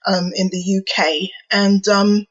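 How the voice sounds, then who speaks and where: A woman's voice: mid-range voice, fairly even intonation, takes it slowly, highs cut off. A British woman minister from England, telling her story reflectively as an interview guest.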